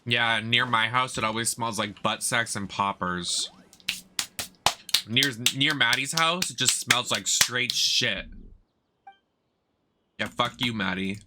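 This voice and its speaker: A man's voice: mid-range voice, takes it slowly, pauses often, heavy background noise. A man with a Boston accent chatting crudely and playfully while streaming a game, laughing often. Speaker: gaming streamer. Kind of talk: casual gameplay stream chat.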